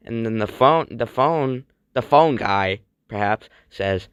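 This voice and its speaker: A man's voice: fairly low pitch, a little slow, hardly any pauses, fairly bright tone, smooth, dry recording, muffled recording. A man narrating a homemade cartoon in a rambling, stumbling, offhand way.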